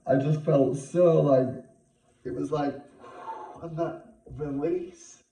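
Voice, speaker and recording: A British man talking through an emotional personal experience in a vlog, halting and repeating himself with many fillers. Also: a little high, fairly even intonation, warm tone. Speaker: vlogger. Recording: roomy sound, far from the mic.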